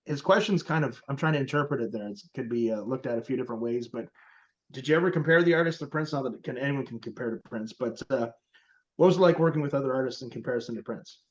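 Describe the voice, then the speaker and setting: A male interview host asking a listener's question, halting, with many fillers. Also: medium pitch. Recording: dull lo-fi audio.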